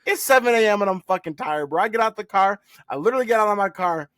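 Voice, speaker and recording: High-voiced animated man telling stories. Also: quick pace, dry recording. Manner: profane, animated storytelling. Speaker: podcast co-host. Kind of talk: casual chat.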